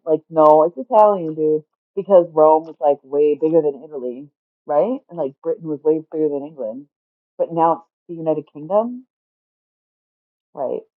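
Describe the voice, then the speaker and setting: A woman's voice: low voice, no echo, phone-quality sound. Casting note: a woman streamer, chatty and profane, with a dry, phone-thin sound. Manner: rambling, swears freely, gets loud and exasperated. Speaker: livestreamer. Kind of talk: casual rambling chat. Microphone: streaming mic.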